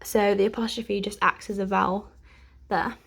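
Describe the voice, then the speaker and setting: A young woman teaching an online language lesson, patient and clear, pausing to let learners repeat after her. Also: mid-range voice, little pitch movement, a bit bright, a little hiss or hum. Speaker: French teacher.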